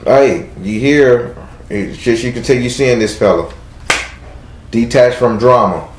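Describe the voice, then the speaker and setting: A man's voice: mid-range voice, takes it slowly, reverberant, background noise. A man with a Southern US accent giving a live tarot reading to a caller, blunt and chatty, talking aloud to spirits as he goes. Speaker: tarot reader.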